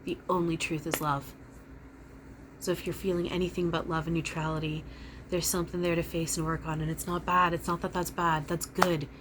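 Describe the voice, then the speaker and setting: A woman's voice: fairly low pitch, flat delivery, brisk, a bit bright, a little hiss or hum, close to an everyday voice. A woman in trance channeling a loving male spirit who speaks bluntly and encouragingly. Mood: reassuring. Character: deep-voiced male spirit, loving, reassuring.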